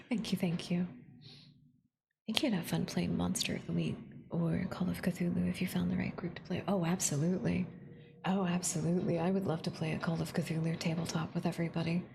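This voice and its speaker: Soft-spoken woman streamer, gravelly low voice. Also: moderate pace, pauses often, background noise. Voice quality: soft, breathy whispering. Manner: chatty, bubbly, thanks chat, excitable gasps. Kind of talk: casual stream chat, often whispered.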